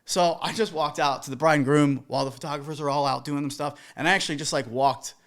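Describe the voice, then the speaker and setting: Talking fast in a voice that's a little high, a man who DJs weddings passes on advice to other DJs through a story. He tells it animatedly and emphatically, with some casual cursing.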